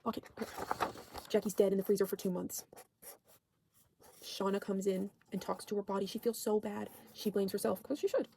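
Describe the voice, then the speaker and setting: A woman's voice: mid-range voice, little pitch movement, normal speed, vocal fry, long pauses, dark tone, slight background noise. A woman casually recapping a TV show for her channel, rambling, swearing and saying "like" constantly while she corrects herself.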